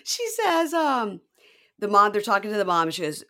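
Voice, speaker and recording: A woman of medium pitch speaks at an ordinary speed while co-hosting a podcast. The chat is a casual reality-show recap, and she animatedly plays out the quoted people.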